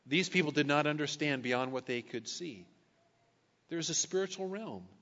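A man's voice: fairly high pitch, animated, moderate pace, a bit bright. A male pastor preaching a sermon, reading scripture and adding casual conversational asides. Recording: echoey hall, dull lo-fi sound.

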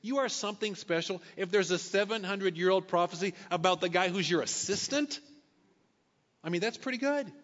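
A man's voice: high voice, lively intonation, normal speed, a bit bright. A male pastor preaching a sermon, reading scripture and adding casual conversational asides. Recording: echoey hall, dull lo-fi sound.

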